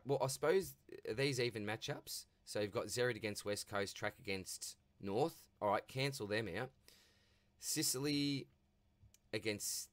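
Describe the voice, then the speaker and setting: Australian man, fairly low voice, casual matey Q&A host, chatty. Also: a bit bright. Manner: chatty and matey, often says mate. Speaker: fantasy football channel host. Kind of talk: casual viewer Q&A chat.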